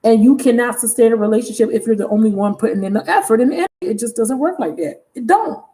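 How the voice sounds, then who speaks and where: A woman giving a casual tarot reading on a livestream. She talks frankly and chattily and laughs often. Her voice sits somewhat high. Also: fast, dark tone. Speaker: tarot reader.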